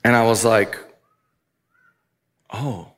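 A man's voice: medium pitch, normal speed, a bit bright. A man who is a father of young boys, preaching a casual, conversational sermon full of asides and self-deprecating laughs. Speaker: pastor.

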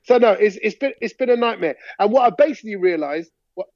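A man co-hosting a podcast from home, chatting casually and telling animated, slangy stories while laughing through his words. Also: high voice, fast talker, no echo. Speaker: podcast co-host. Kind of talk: casual chat. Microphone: talking into a phone over a video chat. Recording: muffled phone-mic audio.

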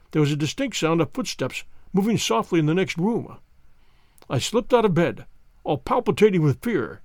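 Brief: male storybook reader, dramatic and animated, dry recording. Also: high-pitched, dry recording. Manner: lively, dramatic reading. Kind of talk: audiobook narration with character voices.

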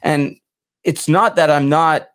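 A man as an interview guest, speaking candidly in a halting, reflective way with frequent restarts. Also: fairly high pitch, fairly bright tone, no room sound, studio quality.

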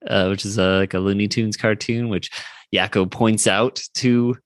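A man co-hosting a fan podcast, recapping a cartoon episode in a rambling, animated way with many fillers. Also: fairly low pitch, normal speed, no room sound. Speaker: podcast co-host.

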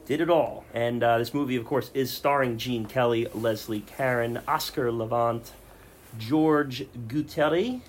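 Male podcast host, mid pitch, casual delivery of facts with jokes, faint room noise. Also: fairly even intonation, moderate pace, few pauses. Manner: reads film facts, jokes with co-hosts.

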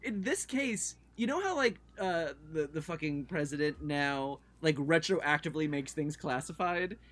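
A podcast co-host in casual comedic chat who is animated and laughs often. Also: medium pitch, unhurried.

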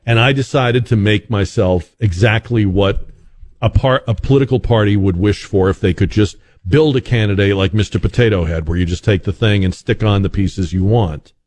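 A man's voice: fairly low pitch, moderate pace, a little mellow. A man hosting a call-in radio talk show, musing conversationally with frequent restarts and fillers.

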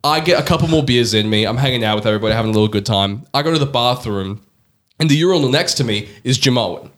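An Australian man, a guest comedian, telling an animated, self-deprecating story on a casual podcast, swearing and laughing often. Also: medium pitch, fast talker.

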